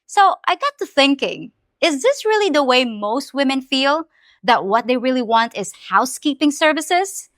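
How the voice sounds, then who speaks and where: A woman's voice: sits high, big pitch swings, normal speed, fairly bright tone, no room sound. A woman commentator responding with incredulous sarcasm.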